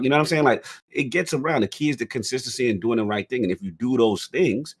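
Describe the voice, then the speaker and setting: A man on a gaming podcast talking in a casual, animated and emphatic way, often asking "you know what I'm saying?". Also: mid-range voice, fairly quick, breathy edge. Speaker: podcast panelist. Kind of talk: casual chat.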